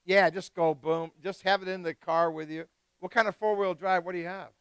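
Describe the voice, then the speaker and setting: Man, wine tasting host, high voice, exclamatory casual chat. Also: fairly even intonation, a little fast, clear, resonant tone, no echo. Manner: chatty, exclamatory, swears casually. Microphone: live stream mic.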